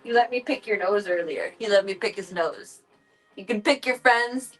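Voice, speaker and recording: A woman's voice: medium pitch, normal speed, fairly bright tone, soft background music, poor audio. Playful woman cooing at her cats. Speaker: livestreamer. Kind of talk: casual livestream chat.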